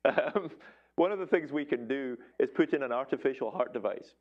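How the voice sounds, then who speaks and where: A man's voice: mid-range voice, animated, normal speed, dull audio. A man who is a cardiologist giving a public science lecture to a live audience, in a conversational and joking way, quizzing the listeners. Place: event hall, before a live audience.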